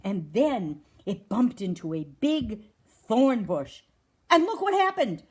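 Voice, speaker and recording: A woman's voice: mid-range voice, slow, breathy edge. A woman from a wildlife rescue reading a children's story aloud and asking the audience questions. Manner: animated, asks the audience questions.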